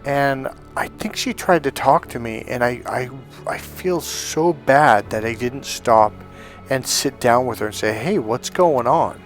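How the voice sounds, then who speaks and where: Faint music plays behind this middle-aged man, a relationship coach who speaks at an unhurried, medium pitch. Recounting something from his own life in a loose, casual way, he animatedly performs the voices of those he quotes and leans heavily on fillers.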